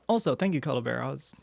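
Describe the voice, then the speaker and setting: Reading his chat aloud during a live stream, a man rambles casually with viewers and leans heavily on "like" as a filler. His voice is medium-pitched and creaky.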